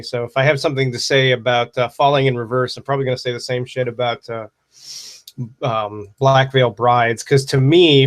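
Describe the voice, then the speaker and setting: A man hosts a loose livestream Q&A, with a wry, rambling delivery full of swearing. His voice sits at an ordinary middle pitch. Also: a bit bright. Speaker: livestream host answering viewer questions. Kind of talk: casual livestream chat.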